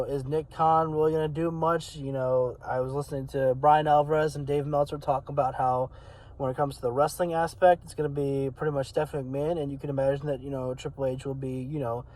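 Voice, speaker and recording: A man's voice: medium pitch, darkish tone, poor audio. A man hosting his own channel, talking casually and rambling with many fillers, his voice cracking a little. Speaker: wrestling channel host. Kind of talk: casual talk to camera.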